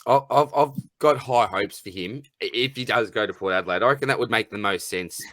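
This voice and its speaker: Easygoing Australian host, dry sound. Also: male voice, on the low side, fairly quick, fairly bright tone, dry recording. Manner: easygoing, says mate a lot. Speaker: podcast host. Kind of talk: casual chat.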